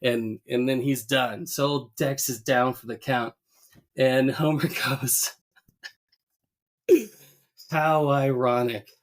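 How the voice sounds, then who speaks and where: A man co-hosting a podcast, casually recapping a cartoon episode, laughing often and jumping into higher voices to quote characters. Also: steady tone, slow pace. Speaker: podcast co-host.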